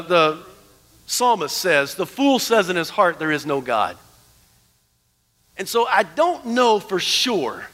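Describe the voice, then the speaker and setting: A man preaching a sermon as pastor, animated, dropping to hushed tones for emphasis. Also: high-pitched. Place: church sanctuary. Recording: long church hall reverb.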